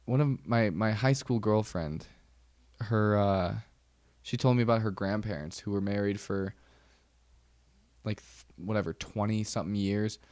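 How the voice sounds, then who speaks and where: A man's voice: fairly low pitch, measured pace, darkish tone, dry recording. A young man hosting a podcast, telling wry stories in a rambling, casual way with lots of fillers. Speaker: podcast host. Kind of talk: casual solo chat.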